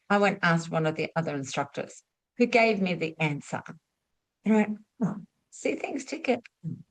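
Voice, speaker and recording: A middle-aged woman speaks in a storytelling teaching talk with a mid-range voice. She poses rhetorical questions to her listeners and swings between lively, raised bursts and quiet, hushed passages. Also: mid-range voice. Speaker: spiritual teacher and former nurse.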